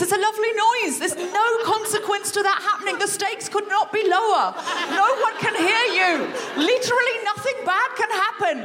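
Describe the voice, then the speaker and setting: A woman guest leading a playful creativity game for a live audience, encouraging and animated. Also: very high voice. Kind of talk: live comedy podcast workshop. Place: stage before a live audience.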